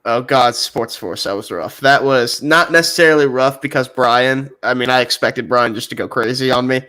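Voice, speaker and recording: A man chats on a sports stream with a mid-pitched voice that is still a bit hoarse after being sick. He teases his co-hosts with mock indignation. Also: moderate pace, pushed and bright. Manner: playfully indignant, teasing the others. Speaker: co-host. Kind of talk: casual sports chat on a live stream.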